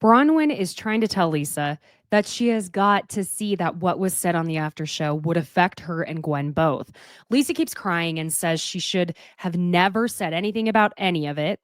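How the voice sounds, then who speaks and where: A woman giving a casual, opinionated recap of a reality show, candid and quick to swear. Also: fairly low pitch, expressive, no room sound.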